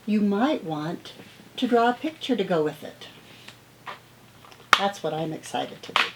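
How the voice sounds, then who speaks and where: A middle-aged woman teacher reading picture books aloud to children, acting out the sound words with animated expression. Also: medium pitch, very noisy. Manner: slow, gentle pace.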